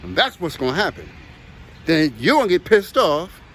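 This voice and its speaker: A man's voice: a little high, big pitch swings, moderate pace, fairly bright tone, slight background noise. A man chatting casually outdoors while out on a walk, rambling and emphatic and often repeating himself. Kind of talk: casual chat while walking.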